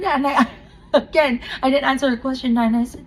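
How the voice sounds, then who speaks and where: A woman in her thirties co-hosting a faith podcast, telling a personal testimony in an earnest, emotional way with soft laughs. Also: high-pitched, fairly quick, slight background noise, rough recording. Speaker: podcast co-host.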